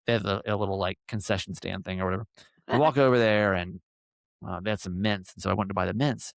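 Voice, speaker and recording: Rambling, animated man telling a story. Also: deep voice, fast, vocal fry, dry recording, studio quality. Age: 40s. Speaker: podcast host. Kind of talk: casual storytelling chat.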